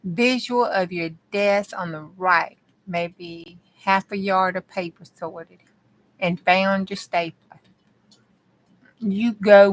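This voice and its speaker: A woman's voice: on the low side, poor audio. Chatty Southern country woman crafting. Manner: chatty, talks to viewers while working, drawls and chops words. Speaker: crafting channel host. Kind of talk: casual crafting vlog chat.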